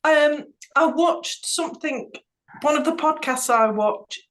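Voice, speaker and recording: Easygoing woman with a slightly high voice. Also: slow pace, a bit bright, low-quality recording. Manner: easygoing, thinking aloud with "um". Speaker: podcast co-host. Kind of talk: casual chat.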